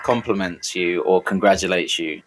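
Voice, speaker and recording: A man's voice: deep voice, normal speed, slight background noise. A man co-hosting a casual podcast, playful and jokey in his banter. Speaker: podcast co-host. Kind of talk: casual chat.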